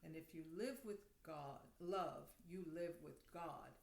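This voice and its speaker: A woman voicing a gentle elderly man with a cane, speaking calm, solemn words in a roomy recording. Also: fairly high pitch, unhurried, vocal fry. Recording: roomy echo.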